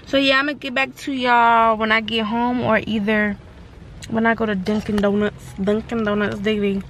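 A woman's voice: a little high, level tone, normal speed, a bit bright, slight background noise. A young woman, vlogging casually and chatting straight to her viewers in a bubbly, slangy way, recorded on a handheld phone. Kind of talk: casual vlog chat to camera.

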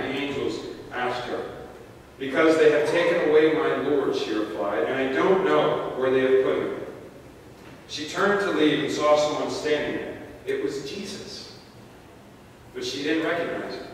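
A man's voice: medium pitch, a little hiss or hum. A man preaching a sermon, reading scripture aloud with casual, joking asides, recorded from a distance in an echoey hall. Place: church sanctuary. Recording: echoey hall, picked up from far off.

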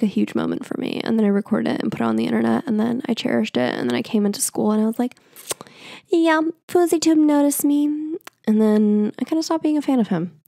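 A woman's voice: fairly high pitch, vocal fry, dark tone, no echo, clean studio sound. A young woman hosting a podcast, telling stories casually in a chatty, self-mocking way full of fillers. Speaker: podcast host. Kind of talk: casual storytelling. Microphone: podcast mic.

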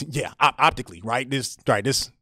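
A man's voice: mid-range voice, moderate pace, pushed and bright, no room sound, clean studio sound. A man co-hosting a podcast, telling a story animatedly with lots of restarts. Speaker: podcast co-host. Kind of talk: casual podcast chat and storytelling.

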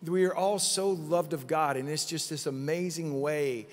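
A middle-aged man preaching at a conference, telling a vision story with lively acted-out quotes. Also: fairly high pitch, moderate pace. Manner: animated storytelling, acting out quotes. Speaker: pastor. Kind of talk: conference sermon testimony. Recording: long hall reverb.

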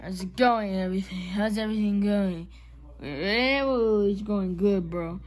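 A woman's voice: mid-range voice, a little slow, pitched below the performer's own voice, natural voice. A woman voicing a drunk, dazed young male puppet who stammers and slurs in a comedy parody. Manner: slurred, stammering, forgetful.

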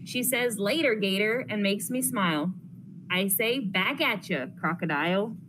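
A young woman counselor intern, reading a rhyming picture book aloud to children in a lively, sing-song way. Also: medium pitch, a little slow. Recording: noisy classroom recording.

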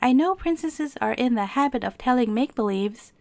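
A woman's voice: fairly high pitch, expressive, brisk, no room sound. Brief: cross, dismissive nurse in a bedtime story, voiced by a woman reader, dry close sound. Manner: cool, dismissive.

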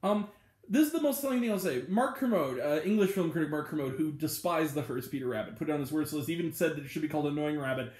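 A man with a notably high, somewhat dark-toned voice reviews a movie casually for his channel, speaking fast and expressively. He rambles happily, relies on filler words, and chuckles through his retellings, with a roomy echo on the recording.

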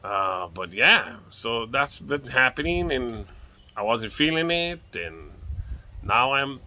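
A man's voice: mid-range voice, big pitch swings, slow, pushed and bright. A middle-aged man from Hawaii with a light lilt, rambling casually and swearing now and then as he chats on his porch. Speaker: vlogger. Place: outdoors on a home porch.

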